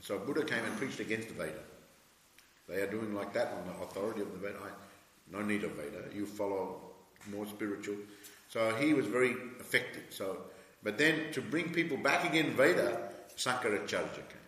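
A man giving a scripture lecture, halting with many fillers and restarts, then pressing his points emphatically. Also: on the low side, bright, forceful tone. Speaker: spiritual teacher giving a scripture class. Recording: echoey hall with long reverb.

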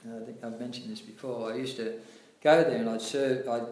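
A man's voice: medium pitch, brisk. Chatty man telling stories. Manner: animated storyteller, acts out quotes, many fillers. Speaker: devotee recalling past. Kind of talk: casual storytelling chat. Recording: echoey room, faint noise.

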